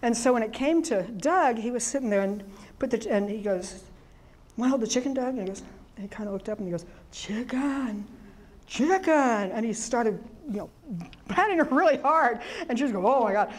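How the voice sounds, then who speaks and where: Middle-aged woman presenter, animated storyteller, talks to a live audience. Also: a little high, a little fast. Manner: chatty, animated storyteller with many restarts and laughs.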